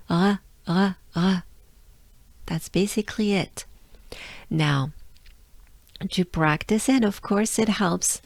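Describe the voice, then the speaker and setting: Slow, gravelly French woman coaching. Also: mid-range voice, dry recording. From France. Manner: patient, drills sounds slowly with repetitions. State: tired voice. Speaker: pronunciation coach. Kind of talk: pronunciation lesson.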